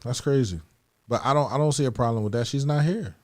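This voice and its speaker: A man's voice: medium pitch, fast talker. A man co-hosting a radio talk show, trading teasing banter in casual chat. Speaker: radio co-host.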